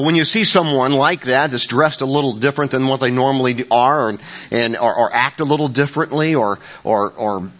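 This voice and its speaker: An older male pastor with a mid-range, fairly bright voice preaches a conversational sermon in a church, captured on a dull lo-fi recording. He rambles through stories with many restarts and self-corrections, full of wry, self-mocking humor.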